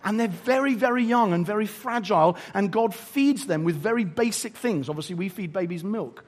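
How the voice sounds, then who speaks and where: A preacher delivering a sermon in a husky voice that sits fairly high. He talks in an animated, conversational way, using humor to make his points. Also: moderate pace.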